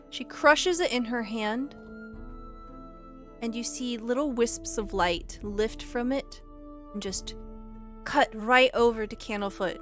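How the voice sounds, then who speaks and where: A woman narrating as game master of a tabletop game, with slow, soft storytelling. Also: fairly high pitch.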